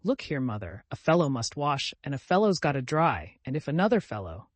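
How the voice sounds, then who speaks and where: A man's voice: medium pitch, sing-song, brisk, no room sound. A man voicing a boisterous young man with a cheeky, playful way of talking.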